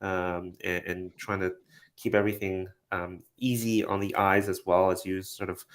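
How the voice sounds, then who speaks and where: Male host for a casual product update, lowish voice, laid-back with lots of "um"s. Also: moderate pace. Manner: relaxed, filler-heavy, upbeat sign-offs.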